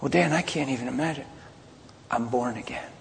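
A man preaching a sermon, mixing loud outbursts with hushed personal confessions as he tells a story. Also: medium pitch, fairly quick, gravelly. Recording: long hall reverb, faint ambience.

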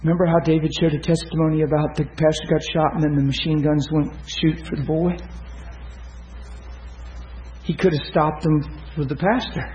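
A male preacher delivering an impassioned sermon, swinging from shouted peaks to hushed storytelling. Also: a little high, fairly even intonation, moderate pace, highs cut off, slight background noise.

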